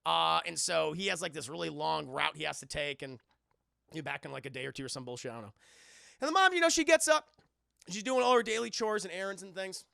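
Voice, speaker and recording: Man, streamer, rambling profane recap, gravelly voice, bright, dry sound. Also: on the high side, quick pace, no room sound. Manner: rambling, profane, animated storytelling. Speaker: streamer reviewing a film. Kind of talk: casual live-stream recap.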